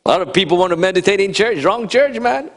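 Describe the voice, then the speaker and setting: A man preaching a sermon, animated and conversational, rising to shouts for emphasis and talking directly to the congregation. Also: high voice, fast talker. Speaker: pastor. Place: church sanctuary. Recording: long reverb of a church hall.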